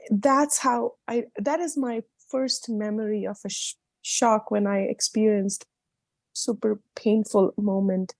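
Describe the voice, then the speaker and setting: Woman, gravelly voice, mellow tone, dry close sound, heartfelt personal storytelling on a video call. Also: mid-range voice, steady tone, unhurried, dry recording. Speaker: book club participant. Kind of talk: personal sharing at an online book reading.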